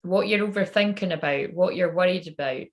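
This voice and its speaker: A woman with a somewhat low voice rambles through a psychic reading in loose, casual talk. She swears without a second thought and keeps laughing at her own jokes. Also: a little fast. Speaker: psychic reader channeling messages.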